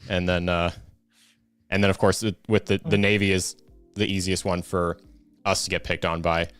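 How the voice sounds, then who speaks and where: A man's voice: deep voice, level tone, moderate pace, a bit bright, clear, resonant tone, no echo, soft background music. A man co-hosting a casual live-stream show, telling stories with lots of fillers and restarts. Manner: rambling storyteller, many fillers and restarts. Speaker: co-host.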